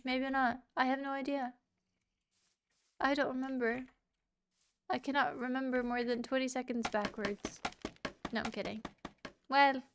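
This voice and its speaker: High-pitched woman streamer chatting away while she games, swears a lot, noisy background hiss. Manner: swearing, teasing and chatty, talking to chat and a pet. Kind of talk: casual live-stream chat while gaming.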